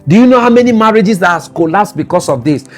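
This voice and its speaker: A man's voice: high-pitched, animated, quick pace, faint music behind. A Nigerian man giving a motivational talk, emphatic and repetitive, with teasing asides. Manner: emphatic, repetitive and teasing, sliding into mocking voices. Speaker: motivational speaker.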